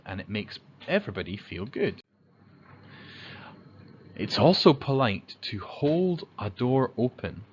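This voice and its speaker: A man teaching young children about manners, speaking slowly with a lively, rising and falling pitch. He acts out the examples himself, sometimes in a high child's voice. The recording sounds slightly dull, with faint noise behind him.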